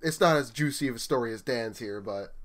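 A man's voice: medium pitch, fairly quick. A young man, a store manager, telling work stories in casual chat and acting out what people said. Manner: animated storyteller, acts out quotes.

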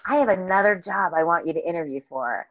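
A middle-aged woman from northern New Jersey, a bubbly, animated guest telling stories in a casual interview. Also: on the low side, fast. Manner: bubbly, animated storyteller who acts out quotes. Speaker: podcast guest. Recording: slightly dull lo-fi audio.

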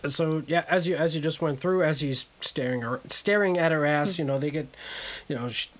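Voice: medium pitch, moderate pace. A podcast co-host recapping a movie plot in a rambling way, full of fillers. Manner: rambling, heavy use of "like" fillers. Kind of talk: casual chat recapping a movie.

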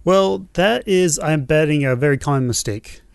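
A man co-hosting a casual photography podcast in a small home studio, relaxed and easygoing, often answering with short agreeing replies. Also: on the high side, normal speed, gravelly, clean tone, no echo. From Utah. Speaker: podcast co-host.

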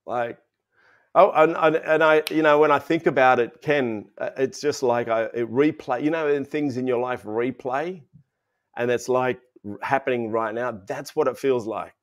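An Australian man in his fifties, speaking as a guest in a relaxed interview. His voice sits at an ordinary middle pitch. He rambles, doubling back and filling pauses as he tells his story. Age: 50s. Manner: rambling, frequent restarts and fillers.

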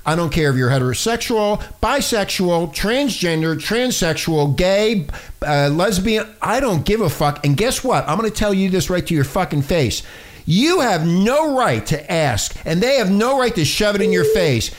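A man's voice: high-pitched, very animated, normal speed. A ranting, swearing male talk host. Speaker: show host. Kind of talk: casual profane radio talk.

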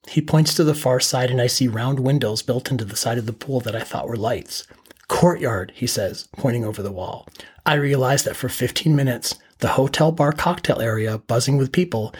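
Middle-aged man, husky voice, calm first-person podcast storyteller. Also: medium pitch. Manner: calm, matter-of-fact present-tense telling.

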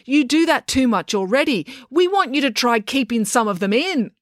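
A woman's voice: sits high, animated, normal speed, no echo, studio quality, pitched above the performer's own voice. A woman voicing a fussy male school guidance counsellor who lectures with exasperation. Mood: exasperated lecturing.

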